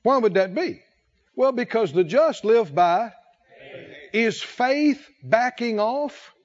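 A man's voice: very high voice, sing-song, slow, dull audio. A man preaching a sermon in church, quoting scripture and calling on the congregation to answer him. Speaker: pastor.

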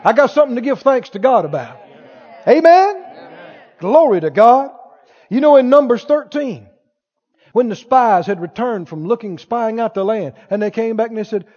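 A man's voice: extremely high pitch, animated, moderate pace, a little mellow. A man preaching a sermon with emphasis, asking the crowd for replies. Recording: dull lo-fi sound in a reverberant hall.

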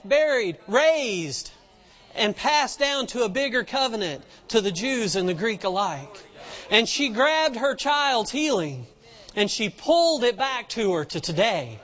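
A man preaches a sermon in a noticeably high voice, retelling scripture in homespun words and building to fervent emphasis. His voice rings out with a long reverb, as in a large hall, and the recording sounds muffled and dull. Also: animated, unhurried, a bit bright. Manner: retells scripture in plain folksy speech, rising to fervent emphasis.

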